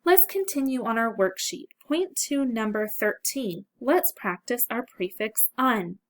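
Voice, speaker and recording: A woman teaching a phonics lesson to children, speaking clearly and encouragingly. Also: on the high side, very animated, unhurried.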